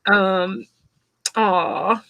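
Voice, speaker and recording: A woman's voice: mid-range voice, fairly even intonation, extremely slow, no echo, dull audio. A woman host chatting casually and telling her stand-up jokes, laughing often. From Southern United States. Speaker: comic artist and stand-up comedian hosting a stream. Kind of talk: casual chat.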